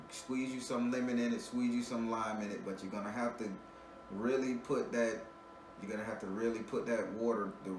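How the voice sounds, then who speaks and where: A man giving a spiritual reading to a client in a casual, joking way, talking bluntly and profanely, laughing often and repeating words as he restarts. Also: mid-range voice. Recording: roomy, distant mic with ambient noise.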